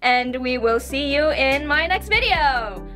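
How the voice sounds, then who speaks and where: A woman's voice: high-pitched, animated, unhurried, music in the background. A young woman hosting a casual vlog, chatty and often breaking into giggles. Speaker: vlog host. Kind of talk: casual chat.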